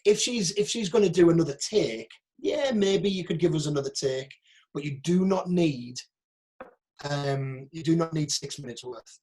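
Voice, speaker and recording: A man's voice: fairly high pitch, animated, moderate pace, darkish tone. A man with a Northeast English accent, an acting agent, giving a frank, chatty online workshop over a video call and picking apart audition clips.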